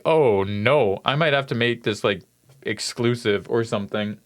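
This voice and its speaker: A man's voice: mid-range voice, a little slow, dry recording. A man reading fanfiction aloud in a dramatic style, breaking off for amused, flustered asides. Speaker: reader.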